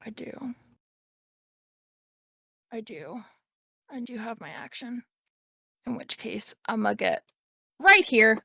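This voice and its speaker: A woman plays at a tabletop game, speaking slowly and hesitantly, and stops often to giggle. The sound is dry and close. Faint music sits behind her. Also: on the high side, lively intonation, gravelly, breathy edge, no room sound. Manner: hesitant, giggly, filler-heavy. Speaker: player.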